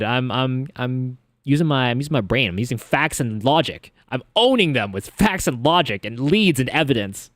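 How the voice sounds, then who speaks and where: A man's voice: mid-range voice, animated, moderate pace, few pauses, fairly bright tone, dry recording, clean studio sound. A man chatting casually and goofily while streaming a game. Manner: goofy, playful. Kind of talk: casual let's-play chat.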